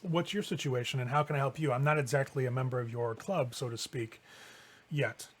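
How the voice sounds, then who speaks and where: A man voicing a poised, guarded woman vampire who speaks politely and in a measured, cool way. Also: mid-range voice, steady tone, close to an everyday voice.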